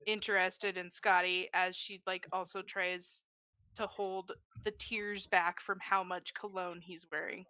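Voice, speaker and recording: A woman's voice: lowish voice, flat delivery, unhurried, pushed and bright, dry recording. A woman playing a tabletop role-play, describing her character and stammering on the name. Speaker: player.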